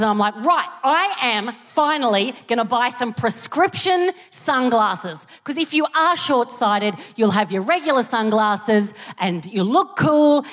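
An Australian woman does stand-up on a theatre stage, recorded live with a long hall reverb. Her voice is a little high, and she tells stories with animated delivery, breaking into sudden shouted punchlines.

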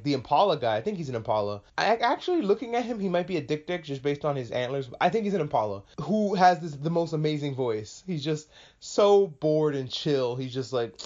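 A man hosting a podcast, recapping an anime episode in a casual, animated way, swearing often and slipping into quick mock voices. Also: on the high side, dull audio. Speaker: podcast host.

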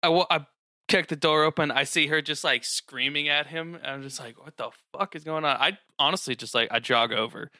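Male player, gravelly and sharp-toned, swears and laughs. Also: on the high side, a little fast, no room sound, studio quality. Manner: laughing, sweary play description.

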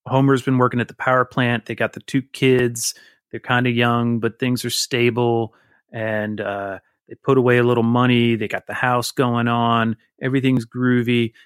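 A man's voice: medium pitch, level tone, normal speed, clean tone, no echo, clean studio sound. A man in his forties, a guest who tells a rambling, candid, self-deprecating story in casual conversation.

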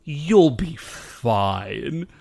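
A man co-hosting a podcast, talking in a rambling, animated way with lots of fillers. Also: mid-range voice, extremely slow, creaky. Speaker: podcast co-host. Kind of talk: casual chat.

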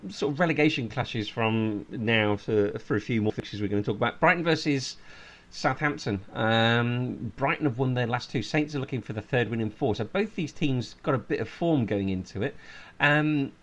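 A man's voice: medium pitch, moderate pace. A man hosting a casual football podcast, reading out stats and teasing his co-hosts. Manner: lively, teasing, reads out stats. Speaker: podcast host. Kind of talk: casual chat.

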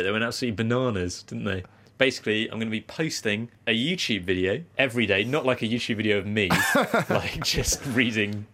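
A man's voice: on the low side, a bit bright. A man hosting a casual cricket podcast in a dry, teasing way, laughing often. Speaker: podcast host.

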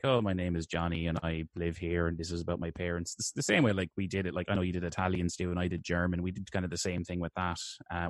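An Irish man in his twenties co-hosting a podcast, chatting in an animated way and often repeating words as he starts a sentence. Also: deep voice, no room sound, clean studio sound. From Ireland. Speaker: podcast co-host. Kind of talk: casual podcast chat.

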